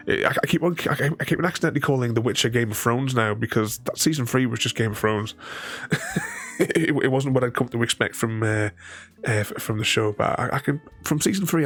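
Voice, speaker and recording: A man's voice: medium pitch, vocal fry, fairly bright tone. A man casually chatting with his viewers while playing a solo board game, thinking aloud and laughing often.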